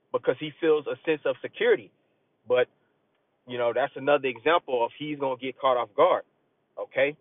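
A man's voice: mid-range voice, no room sound. Earnest man preaching over a tinny line. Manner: loose and conversational, drops "man" often, reads scripture aloud; earnest and urging, rising as he presses a point. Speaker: street preacher. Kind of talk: casual sermon. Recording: tinny phone-like audio, dry.

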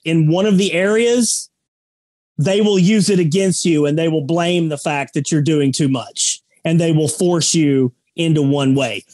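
A man's voice: high-pitched, darkish tone, dry recording. A man co-hosting a sports podcast, talking bluntly and emphatically in a joking, casual way. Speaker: podcast co-host.

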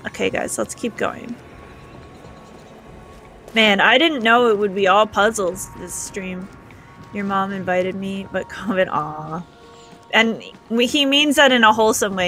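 A woman's voice: medium pitch, measured pace, fairly bright tone, faint music behind. A woman from Canada streaming a game live, chatting and giggling as she reads out viewer comments. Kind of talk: live gameplay chat, reading viewer comments.

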